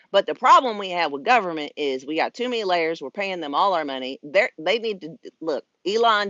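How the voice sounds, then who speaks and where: A chatty woman talks straight to her viewers and laughs often. Her tone is bright and forceful, recorded close and dry with a slightly dull, lo-fi sound. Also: lowish voice, no room sound. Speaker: vlogger host. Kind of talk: casual chat to camera.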